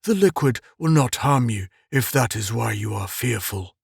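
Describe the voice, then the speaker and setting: A man doing a cold, commanding inhuman captor who speaks in a slow, rasping, guttural drawl. The voice sits low and hushed, close and dry, with no room around it. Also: animated, no room sound, heavily acted. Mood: menacing. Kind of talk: audiobook character reading.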